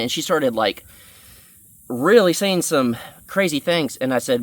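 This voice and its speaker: A man's voice: mid-range voice, animated, unhurried, no room sound. A young man telling a story in an earnest, rambling way, with many fillers, on his vlog. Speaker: vlogger.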